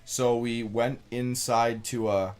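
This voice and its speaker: A man's voice: mid-range voice, level tone, slow, a little mellow, clean tone. A young man co-hosting a casual podcast, telling a story with crude swearing and frequent laughter. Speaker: podcast co-host.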